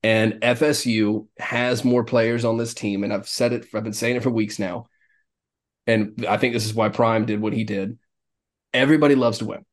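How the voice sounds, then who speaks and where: A man's voice: fairly low pitch, flat delivery, normal speed. A man co-hosting a sports podcast, giving opinionated, rambling takes in casual chat and often laughing. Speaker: podcast co-host.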